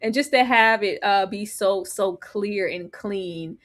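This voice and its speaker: Expressive woman chatting, laughing often. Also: medium pitch, slow. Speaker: co-host. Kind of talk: casual live recap chat.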